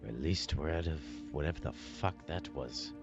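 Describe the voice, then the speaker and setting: A laid-back man with a gravelly voice, playing a tabletop game and swearing casually. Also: a bass voice, normal speed, highs cut off, music in the background. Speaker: player.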